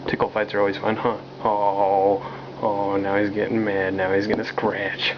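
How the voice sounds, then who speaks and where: A man filming his cat at home, talking to it in a playful, teasing, mock-dramatic way with drawn-out exclamations. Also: fairly low pitch, monotone. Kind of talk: casual teasing narration to a pet. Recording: dull, noisy home camcorder audio.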